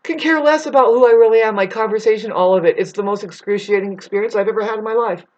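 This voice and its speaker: A woman's voice: medium pitch, fast, darkish tone, highs cut off. A woman delivering a rambling, profane spiritual monologue to her viewers. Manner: intense, profane, digressive. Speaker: spiritual vlogger.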